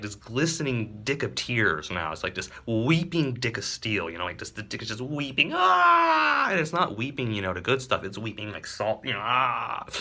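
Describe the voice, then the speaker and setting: A man with a bright, sharp voice tells an absurd comic tale. He rambles and halts, fills the gaps with fillers, and sometimes sinks to a whisper. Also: medium pitch. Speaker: comedian.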